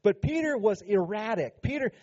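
A man's voice: sits high, lively intonation, normal speed, dark tone, lo-fi sound. A man preaching a sermon as pastor, earnest and emphatic, with frequent conversational asides.

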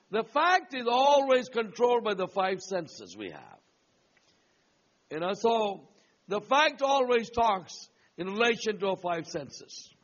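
A man's voice: very high voice, a bit bright, highs cut off. A man preaching a sermon, retelling a story with repeated phrases and frequent calls of "Amen?" to the congregation. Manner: storytelling with rhetorical questions, calling "Amen?".

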